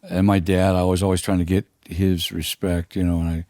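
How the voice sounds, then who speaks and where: An older man with a husky voice, telling a rambling, halting story full of fillers as a podcast guest. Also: deep voice, level tone, dark tone, no echo, clean studio sound. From United States. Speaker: guest musician. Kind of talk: casual storytelling.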